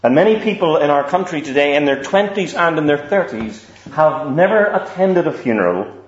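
A man from preaching a sermon, measured and deliberate, often repeating words as he goes. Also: fairly high pitch, expressive. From Northern Ireland. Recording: echoey room, slightly dull sound.

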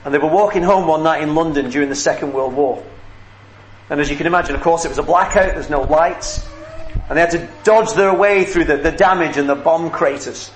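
A man's voice: on the high side, fairly quick. A man preaching a sermon and leading a prayer, earnest and emphatic, repeating key words as he pleads with listeners. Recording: echoey room with faint background noise.

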